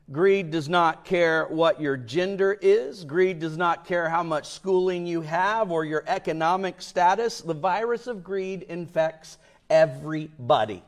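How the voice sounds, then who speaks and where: A male pastor preaching a sermon in an emphatic way, dropping to a hush and then rising loud for emphasis. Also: high voice. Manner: emphatic, with swings between hushed and loud.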